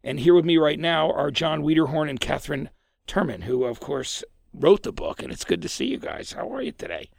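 A man hosting a podcast and interviewing guests in a rambling, excitable way. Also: a little high, a little fast, gravelly, dry recording, clean studio sound. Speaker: podcast host. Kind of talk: casual interview chat.

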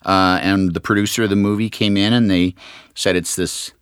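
A man's voice: low voice, fairly even intonation, moderate pace, clean tone, dry recording, studio quality. A man, a voice actor, telling a rambling story in a casual interview, correcting himself and acting out quotes. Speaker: voice actor guest.

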